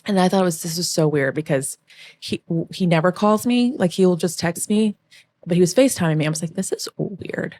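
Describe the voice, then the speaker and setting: A young woman with a low voice tells a personal story in a podcast interview. She talks with real feeling and acts out the lines of the people in it. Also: a little fast. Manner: emotional, animated storytelling, acts out quoted voices. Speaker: podcast guest, former backup dancer.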